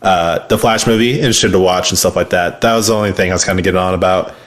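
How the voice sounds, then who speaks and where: A man in his twenties co-hosting a casual chat, animated and opinionated, swearing freely. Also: low voice, racing. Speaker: podcast co-host.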